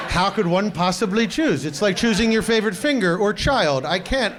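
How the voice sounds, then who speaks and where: A man with a high voice performs brash, animated stand-up on a club stage. He speaks into a handheld mic. The live recording carries clear background noise. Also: fairly quick, few pauses. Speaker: stand-up comedian. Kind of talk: stand-up comedy routine.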